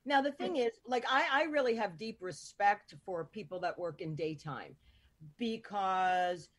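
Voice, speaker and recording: A woman's voice: mid-range voice, expressive. Chatty woman hosting an interview. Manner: chatty, quick bursts with filler words. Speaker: host. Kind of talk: casual interview chat.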